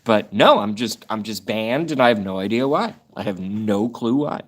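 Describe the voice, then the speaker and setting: A man hosting a livestream, ranting and reading chat aloud, rambling and profane, with sudden jumps in pitch and loudness. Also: moderate pace. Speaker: livestream host.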